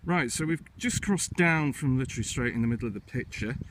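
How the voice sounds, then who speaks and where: Outdoors on windy hills, a hiking vlogger leads viewers along a walk, chatting casually and kicking off each new stretch of the route with "right." His mid-range voice is animated, fairly bright and quick, with slight background noise.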